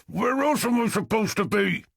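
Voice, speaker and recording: A man's voice: sits high, animated, moderate pace, creaky, a bit bright, husky, no echo, studio quality, voice pushed up, heavily acted. A man voicing a small, balding, short-tempered crook who snaps threats and uses coarse slang. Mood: irritable, shouting.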